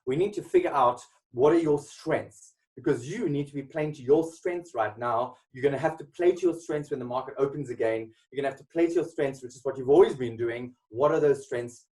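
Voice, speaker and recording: A man's voice: medium pitch, moderate pace, few pauses, a little mellow, far from the mic, poor audio. A man giving an emphatic motivational webinar talk full of rhetorical questions. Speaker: motivational speaker. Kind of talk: webinar presentation.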